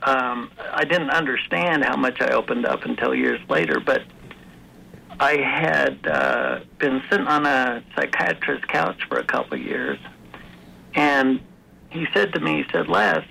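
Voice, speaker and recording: A man's voice: mid-range voice, lively intonation, a little slow, gravelly, pushed and bright, breathy edge, poor audio. A man being interviewed, talking earnestly about personal growth and telling a story from his life, with frequent restarts. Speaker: author and guest. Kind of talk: conversational interview.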